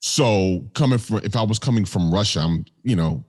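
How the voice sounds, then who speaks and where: A man's voice: lowish voice, normal speed, a little mellow. A man co-hosting a podcast in casual chat, laid-back and slangy with jokes. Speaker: podcast co-host.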